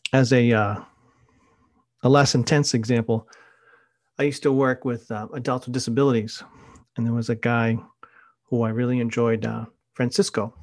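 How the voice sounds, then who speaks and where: A man's voice: mid-range voice, darkish tone, no room sound, studio quality. A middle-aged man hosting a podcast, talking casually and telling anecdotes. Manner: conversational, anecdotal storytelling. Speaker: podcast host.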